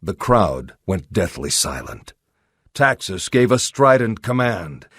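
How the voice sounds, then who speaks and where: A male audiobook narrator reading a pulp adventure in a steady, dramatic way. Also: low-pitched, takes it slowly, husky, no room sound, clean studio sound.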